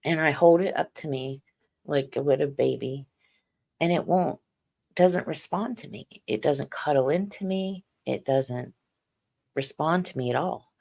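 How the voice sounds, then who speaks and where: A middle-aged woman telling her personal story as an interview guest, halting and earnest, with many "you know"s. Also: sits low, vocal fry, darkish tone. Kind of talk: personal account in a podcast interview.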